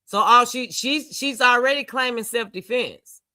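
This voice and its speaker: A woman's voice: a little high, unhurried, pushed and bright, no echo. A woman hosting a livestream, giving blunt, slangy commentary on a case and often breaking into laughter. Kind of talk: casual reaction commentary.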